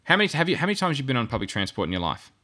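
A man's voice: medium pitch, big pitch swings, rapid-fire, sharp tone. A man co-hosting a podcast, talking casually in a rambling way and correcting himself as he goes. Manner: rambling and self-correcting, with asides. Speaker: podcast co-host.

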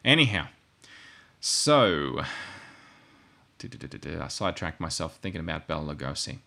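A man's voice: low-pitched, big pitch swings, a little slow, vocal fry, pushed and bright. A man co-hosting a podcast, talking casually in a rambling way and correcting himself as he goes. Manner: rambling and self-correcting, with asides. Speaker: podcast co-host.

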